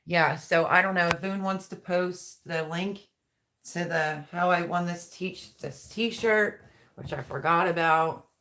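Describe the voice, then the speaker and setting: A woman's voice: lowish voice, a little slow, pushed and bright, slight background noise. A woman hosting a casual live stream, greeting viewers by name and chatting while she reads their comments. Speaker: livestream host.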